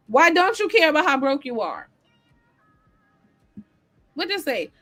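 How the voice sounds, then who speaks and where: A woman's voice: sits high, big pitch swings, normal speed, pauses often, bright, forceful tone. A woman hosting a livestream talk show, ranting bluntly and heatedly with heavy swearing and answering the live chat. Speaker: host.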